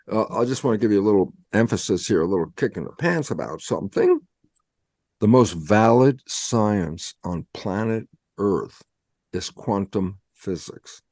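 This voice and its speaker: Animated man acting out both sides of a dialogue. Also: a little slow, no room sound. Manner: acts out both sides of imagined conversations; emphatic, rhetorical questions, sudden pitch jumps. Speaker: cell biologist guest explaining science. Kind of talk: animated explanatory storytelling.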